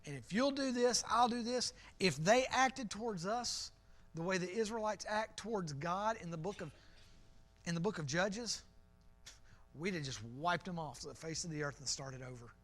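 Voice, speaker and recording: A middle-aged male pastor gives an evening sermon in church. His voice sits high for a man, and he talks to the room in an earnest, conversational way, often repeating phrases for weight. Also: moderate pace, fairly bright tone.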